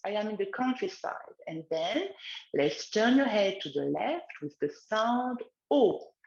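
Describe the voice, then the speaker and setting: Slow, gentle woman guiding a relaxation exercise. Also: medium pitch, very animated, creaky, roomy sound, lo-fi sound. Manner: slow, gentle guiding of breathing and neck movements. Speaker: wellness instructor. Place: outdoors in the countryside, chickens nearby.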